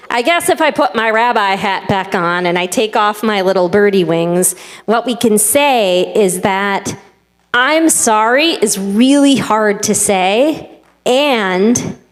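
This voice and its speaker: A woman rabbi giving a children's sermon in an earnest, gentle teaching tone, recorded in a synagogue sanctuary. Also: mid-range voice, slow. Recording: long hall reverb.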